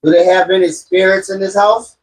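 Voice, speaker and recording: A man's voice: high voice, fairly even intonation, brisk, a little hiss or hum, rough recording. A man chatting casually on a home livestream, talking to viewers from the background. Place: home indoors.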